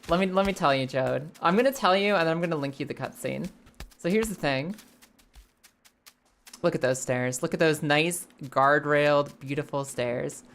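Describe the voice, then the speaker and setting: A young woman streaming a game, chatting in a rambling, animated and profane way. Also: sits low. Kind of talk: casual live game stream chat.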